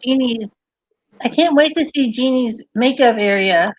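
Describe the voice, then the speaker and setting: A woman's voice: fairly high pitch, measured pace, dry recording. A woman hosting a casual livestream, chatty, giggly and rambling, on dry, slightly dull audio. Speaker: livestream host.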